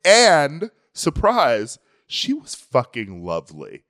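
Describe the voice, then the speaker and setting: Speaking slowly, this man co-hosts a podcast of casual pop-culture chat, sounding playful and enthusiastic with lots of laughter. His voice sits at medium pitch, makes huge pitch swings and is a bit bright.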